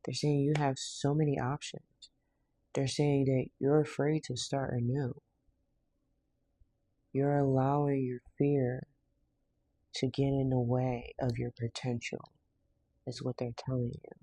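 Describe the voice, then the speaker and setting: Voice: medium pitch, level tone, measured pace, long pauses, dark tone, no room sound. A tarot card reader in a casual reading, blunt and slangy, laughing now and then. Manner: laughs often.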